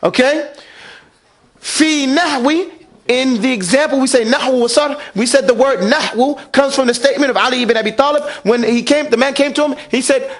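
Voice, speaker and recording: With a very high voice at normal speed, a man teaches Quran recitation in a classroom. He asks the students questions and has them repeat after him.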